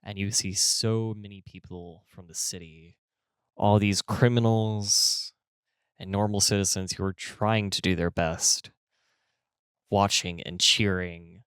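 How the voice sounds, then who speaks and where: A man's voice: on the low side, fairly even intonation, takes it slowly, a bit bright, clean tone, no echo, studio quality. A man narrating a tabletop game as game master, casual and rambling.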